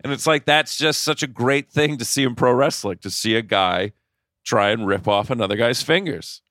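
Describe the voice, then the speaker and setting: A man co-hosting a casual podcast chat who tells excitable, rambling stories and often laughs. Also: medium pitch, moderate pace, dry recording, clean studio sound. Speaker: podcast co-host.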